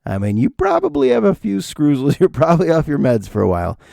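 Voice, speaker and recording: A man's voice: a little high, huge pitch swings, quick pace, creaky, dark tone, no room sound, studio quality. A man hosting his own podcast, rambling jokily through a solo monologue and talking to himself. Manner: rambling, jokey, talks to himself. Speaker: podcast host.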